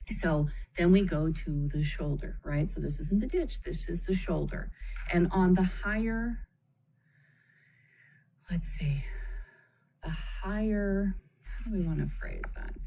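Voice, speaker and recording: In a live stream, a parenting educator with a lowish, mellow voice explains a parenting chart conversationally, checking in with "okay?" and speaking of children warmly and empathetically, calling them "kiddo". The recording is low quality with slight background noise.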